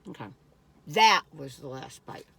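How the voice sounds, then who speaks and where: A woman's voice: low voice, lively intonation, unhurried, creaky, a bit bright, slight background noise. A middle-aged woman chatting casually in a meandering, folksy way while reviewing food. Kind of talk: casual rambling chat.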